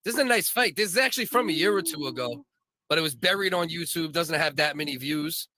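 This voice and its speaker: A man's voice: on the high side, expressive, fast talker, a crowd in the background. A man co-hosting a comedy talk show, trading crude, profane banter and laughing often. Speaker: podcast co-host.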